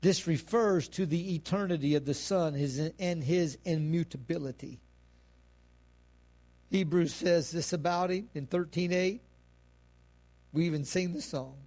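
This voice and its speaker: High-voiced man preaching a fervent sermon. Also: measured pace. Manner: preaching with rising, shouted climaxes and call-and-response amens. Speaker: pastor.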